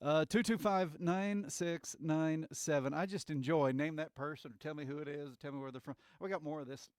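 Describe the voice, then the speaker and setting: Male radio host, joking casual chat, high animated voice, dry studio sound. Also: clear, resonant tone, no echo. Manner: jokey, quick quiz prompts. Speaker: radio morning show host.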